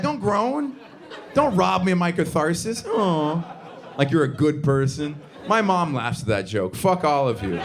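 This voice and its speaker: A man from the Southern US performing a stand-up comedy set on a theater stage, with a sardonic, punchy delivery and sudden high-pitched outbursts. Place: theater stage before a live audience. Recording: live stage recording with audience noise.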